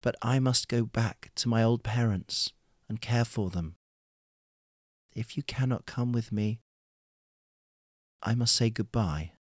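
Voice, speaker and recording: A man's voice: mid-range voice, slow, pauses often, no echo, clean studio sound, close to an everyday voice. A man voicing a dutiful young fisherman from a folktale, speaking earnestly about going home to his parents. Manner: earnest, heartfelt.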